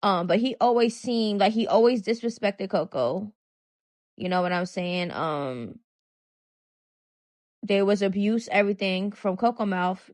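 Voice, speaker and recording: A woman's voice: medium pitch, unhurried, pauses often, a little mellow, dry recording. A woman giving casual commentary on a clip, chatty and hesitant with many fillers. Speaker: commentary channel host.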